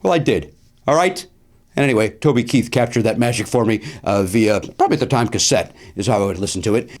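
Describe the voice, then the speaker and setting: A man's voice: fairly low pitch, fast talker, a little mellow. A middle-aged man hosting a comedic solo podcast from a studio, talking in a wry, self-deprecating way with rambling asides. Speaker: podcast host.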